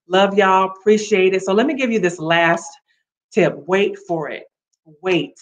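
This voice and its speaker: A woman's voice: medium pitch, a little slow. A woman hosting a motivational livestream, encouraging viewers directly with a preachy, upbeat manner. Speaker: livestream host. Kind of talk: casual motivational livestream talk.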